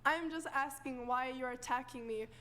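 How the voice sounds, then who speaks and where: A young woman holds her ground in a heated debate, defensive and almost pleading. Her voice sits high. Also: normal speed, sharp tone. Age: young adult. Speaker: podcast panelist.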